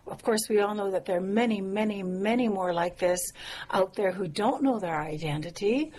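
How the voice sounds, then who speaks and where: A woman songwriter telling stories about her songs in a relaxed interview, pausing with fillers and soft laughs. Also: mid-range voice. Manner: warm, reflective, frequent fillers and soft laughs. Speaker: songwriter and musician guest. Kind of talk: casual interview conversation.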